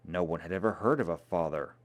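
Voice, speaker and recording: A man reading a novel aloud in a dramatic, expressive way. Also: sits low, fast talker. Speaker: reader.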